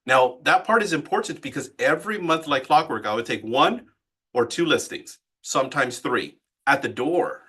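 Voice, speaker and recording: A man with a bright, forward voice that carries a husky edge. He coaches a group in a live training session. He talks with animated energy and keeps turning to the listeners with questions. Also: medium pitch, normal speed. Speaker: real estate sales coach.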